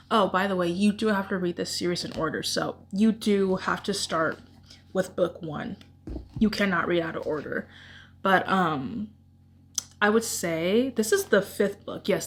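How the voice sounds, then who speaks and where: A woman vlogger chatting casually about her favorite books, gushing and rambling with emotion. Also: medium pitch. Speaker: book vlogger. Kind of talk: casual book chat.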